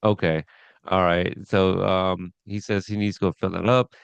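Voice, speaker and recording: A man's voice: deep voice, level tone, normal speed, gravelly, clear, resonant tone, no room sound, highs cut off. A man hosting a casual podcast, recapping an episode from his notes in a rambling way with chuckles. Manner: rambling, chuckling, reads scene notes aloud.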